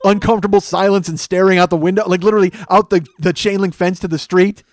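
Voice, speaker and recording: A man in his forties tells a story in a quick, high-pitched voice. He is animated and profane, and he jumps into the voices of the people he describes. The sound is dry and close to the mic, as on a podcast. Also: no echo. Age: 40s. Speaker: comedy podcast host. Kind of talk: comic storytelling monologue.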